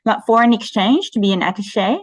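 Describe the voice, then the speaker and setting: A woman in her forties from the Philippines, a guest in a casual interview, telling animated stories that often restart mid-sentence. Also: medium pitch, brisk, dry recording. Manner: animated storytelling with frequent restarts.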